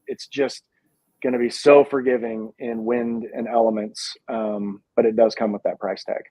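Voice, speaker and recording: A man's voice: mid-range voice, flat delivery, moderate pace, mellow, no room sound. A man speaking as the guest on a casual video chat, thoughtful and hedging, with plenty of fillers. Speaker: guest, pizza dough company founder. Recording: dull lo-fi sound.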